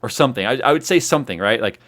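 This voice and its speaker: A man hosts a casual livestream chat, racing through his stories at a quick clip. He tells them with animation and acts out each scene, at a middling pitch for a man. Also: animated, a bit bright. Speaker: host.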